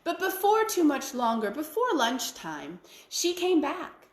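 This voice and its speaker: A woman storyteller telling a traditional tale in an expressive, folksy way. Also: high-pitched, measured pace, hardly any pauses, echoey room. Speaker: library storyteller. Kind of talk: oral storytelling.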